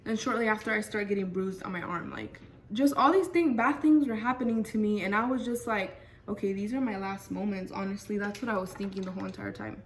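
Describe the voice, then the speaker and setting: A woman's voice: mid-range voice, quick pace, slight background noise. Chatty young woman telling a story. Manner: chatty, lots of fillers and "freaking". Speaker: vlogger. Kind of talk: casual storytime. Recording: voice a bit far from mic.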